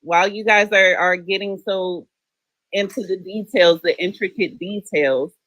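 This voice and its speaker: A woman's voice: medium pitch, a little slow, fairly bright tone, no room sound, poor audio. A woman on a discussion panel who speaks assertively and waves off the details for the big picture. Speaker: panel guest. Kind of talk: panel debate.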